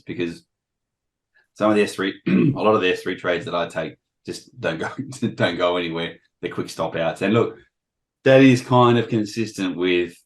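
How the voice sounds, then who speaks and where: A man with a hoarse, failing voice giving a casual presentation on a video call, often clearing his throat. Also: low voice, poor audio. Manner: frequent throat-clearing, self-deprecating. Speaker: guest trader sharing experience.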